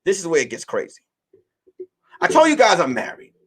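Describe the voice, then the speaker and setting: A man in his late thirties talks straight to his listeners as host of his own show. His voice sits a little high for a man, and his storytelling is loose, animated and full of swearing. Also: brisk, breathy edge. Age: late 30s. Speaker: podcast host. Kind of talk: casual monologue to listeners.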